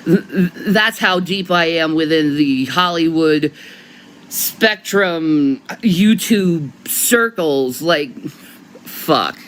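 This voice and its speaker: Woman vlogger, breathless, swears freely, slow rambling monologue. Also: low-pitched, a little hiss or hum, poor audio. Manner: rambling, profane, with frequent restarts and laughter. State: short of breath. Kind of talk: rambling casual vlog monologue.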